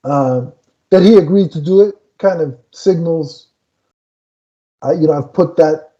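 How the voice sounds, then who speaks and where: A man's voice: on the high side, measured pace, pauses often, dark tone, highs cut off. A man co-hosting a casual film review, retelling scenes with lots of restarts and fillers. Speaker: podcast co-host reviewing a film.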